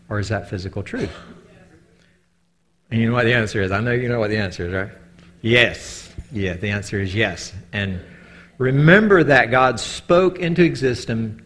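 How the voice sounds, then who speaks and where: A man giving a casual Bible teaching talk, telling animated stories and often checking in with his listeners. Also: lowish voice, slight background noise. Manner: animated storytelling, keeps asking "okay?".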